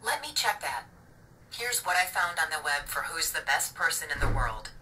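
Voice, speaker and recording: A synthetic woman's voice of a voice assistant, answering politely in an even, machine-like way, played from a device speaker. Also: sits low, moderate pace, far from the mic, rough recording. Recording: device speaker heard from off mic, loud noise.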